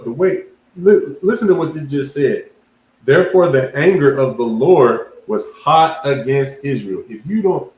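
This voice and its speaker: A man's voice: on the high side, roomy sound, low-quality recording. A man preaching at a Bible class, reading scripture aloud and breaking it down in casual slang, often asking "you understand?". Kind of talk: street sermon, Bible class teaching.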